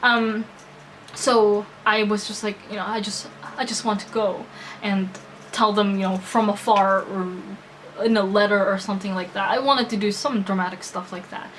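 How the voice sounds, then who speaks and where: A woman's voice: medium pitch, fairly even intonation, normal speed, fairly bright tone, a little hiss or hum, low-quality recording. A young woman telling a personal story to her vlog audience, earnest and emotional, full of hesitations and restarts. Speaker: vlogger.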